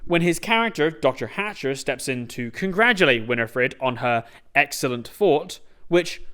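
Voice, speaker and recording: A man's voice: mid-range voice, lively intonation, moderate pace, hardly any pauses, fairly bright tone, clean tone. A young man hosting a comedic video essay, sarcastic and sweary, breaking into rants.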